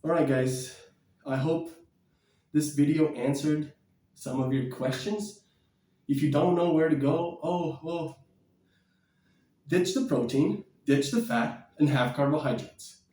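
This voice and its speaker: A man vlogging about diet and exercise in a blunt, energetic, preachy way, sometimes moving about as he talks. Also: fairly high pitch, takes it slowly, pauses often, echoey room, recorded from a distance. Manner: energetic, bouncing and shadow boxing while talking. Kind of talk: casual motivational vlog.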